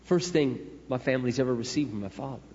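A man's voice: medium pitch, fast talker, a little mellow. A middle-aged man preaching a sermon in a conversational, storytelling way. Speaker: pastor. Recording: echoey hall, dull lo-fi sound.

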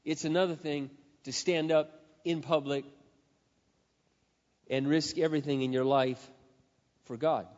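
A man with a high voice preaches a sermon, telling a scripture story dramatically and dropping from loud passages into hushed asides. His voice carries a long hall echo. The recording sounds dull and lo-fi. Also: steady tone, measured pace, pauses often.

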